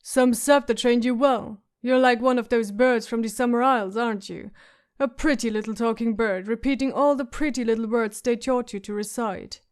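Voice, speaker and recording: A woman reading the part of a scarred, surly, drunk male warrior who rasps and mocks in an audiobook. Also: on the high side, steady tone, moderate pace, close to an everyday voice. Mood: mocking. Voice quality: rasping, mocking.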